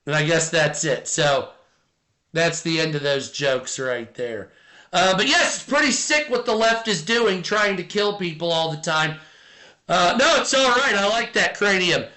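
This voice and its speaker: High, bright-voiced man chatting live. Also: lively intonation, unhurried. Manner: rambling, filler-heavy, reads chat aloud. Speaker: live stream host. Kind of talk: casual live-stream chat.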